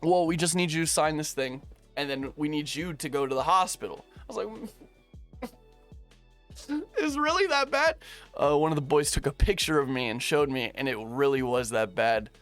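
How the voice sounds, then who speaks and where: A young man telling a story casually, slangy and animated, playing out his own past lines. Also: medium pitch, fairly quick, soft background music.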